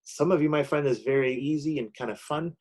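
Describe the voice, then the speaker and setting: A man's voice: a little high, fairly quick, darkish tone. A man teaching a recorded online lesson while sharing his screen, explaining step by step with frequent "okay?" check-ins and "um" fillers.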